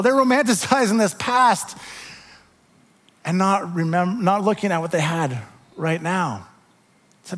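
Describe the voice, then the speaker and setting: A man preaching a sermon, animated when telling the story and dropping to soft, quiet tones. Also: sits high, a little slow, pauses often, long reverb tail. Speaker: pastor.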